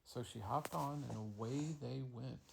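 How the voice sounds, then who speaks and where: A man spins a made-up bedtime story, rambling along casually with fillers. His voice is gravelly with plenty of fry, and he takes it very slow. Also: mid-range voice, darkish tone, slight background noise.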